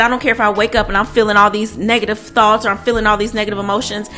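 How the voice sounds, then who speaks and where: Woman, coach, casual talk to camera, emphatic, repeats herself, mid pitch, faint music behind. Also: a bit bright. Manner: emphatic, repetitive, self-assured. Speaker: manifestation coach. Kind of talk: casual talking-to-camera advice.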